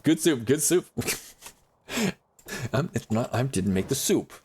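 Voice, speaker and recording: A man's voice: mid-range voice, very animated, slow, darkish tone, husky. A man streaming live and chatting with his audience in a rambling, jokey way, laughing often.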